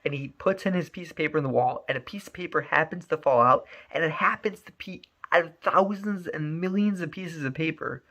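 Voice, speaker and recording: A man telling a story in an animated, emphatic way, often repeating words. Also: on the high side, a little fast, few pauses. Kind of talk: spoken storytelling.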